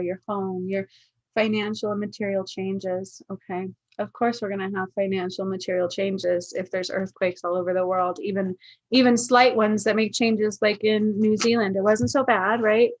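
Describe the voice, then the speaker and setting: An earnest woman delivers a card reading to her livestream viewers at an everyday medium pitch. She keeps pausing to check in with her audience. The sound is dry and close, with a dull, lo-fi tone. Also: no room sound. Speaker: spiritual card reader.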